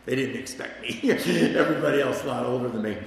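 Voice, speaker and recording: A man's voice: medium pitch, quick pace, vocal fry. A man telling a candid, self-mocking personal story about his past drinking, with wry humor. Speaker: speaker sharing a recovery story. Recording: echoey hall with long reverb.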